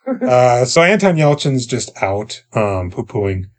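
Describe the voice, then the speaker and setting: A man's voice: mid-range voice, big pitch swings, takes it slowly. A man co-hosting a podcast, recapping a movie in casual profane chat and acting out the characters' lines. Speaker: podcast co-host.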